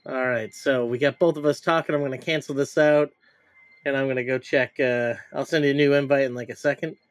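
A man's voice: medium pitch, fairly even intonation, a little fast, no room sound. Chatty man co-hosting a podcast, dry sound. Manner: loose, rambling, jokey. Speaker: podcast co-host. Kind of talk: casual chat. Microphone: home recording setup in a shed.

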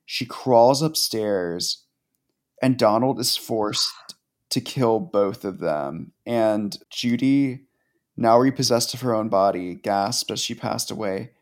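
A man's voice: fairly low pitch, takes it slowly. Laid-back man retelling a story. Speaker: podcast co-host. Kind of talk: casual chat.

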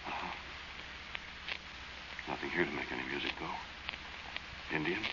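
A gravelly young storyteller. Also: male voice, a bass voice, moderate pace. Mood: scared, hushed. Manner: plain-spoken storytelling, drops to tense murmurs. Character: young man narrating his eerie desert adventure. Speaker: narrator and lead character. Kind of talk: 1940s radio acting. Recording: dull old radio recording with faint hiss.

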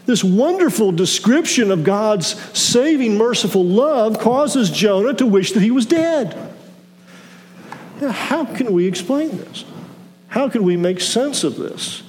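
Male pastor, high voice, measured sermon delivery with small restarts, long church-hall reverb. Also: big pitch swings, darkish tone, a little hiss or hum. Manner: measured preaching with halting restarts.

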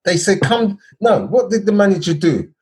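A lively man tells a football story on a casual podcast, his voice sitting a bit high and swinging widely in pitch. He keeps checking in with his co-host, tagging "yeah?" and "bro" onto his points. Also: moderate pace. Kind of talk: casual chat.

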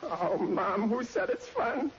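In a 1940s radio sitcom, an actor voices a shy, clumsy teenage boy who is lovestruck and stammers awkwardly. His high, sing-song voice moves at a slow pace, heavily acted and bashful. The old radio recording sounds dull and hissy.

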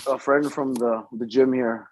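A man's voice: mid-range voice, steady tone, unhurried, crowd noise, poor audio. A man chatting casually as a podcast guest, hesitant and often restarting his sentences. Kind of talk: casual chat.

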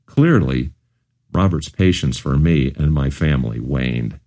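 A man's voice: extremely low pitch, lively intonation, measured pace, gravelly, mellow. A man narrating his own memoir as an audiobook, telling it earnestly in the first person.

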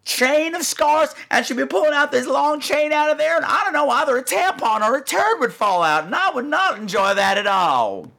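A man's voice: very high voice, big pitch swings, normal speed, gravelly, hardly any pauses, pushed and bright, pitched above the performer's own voice, full character voice. A man putting on the voice of a fussy, squeamish friend who gushes breathlessly. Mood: flustered.

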